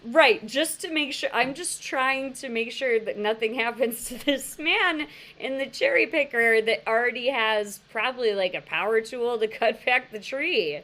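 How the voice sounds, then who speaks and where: A woman's voice: a little high, measured pace, hardly any pauses. A woman co-hosting a podcast, telling stories in casual chat and laughing often. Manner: animated storyteller, laughs often. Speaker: podcast co-host.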